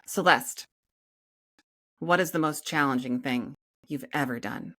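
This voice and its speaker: A woman co-hosting a casual podcast, asking questions and teasing her guests with dry wit. Her voice sits very low for a woman. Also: measured pace, pushed and bright. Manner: wry, teasing. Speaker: podcast co-host. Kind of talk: casual interview chat.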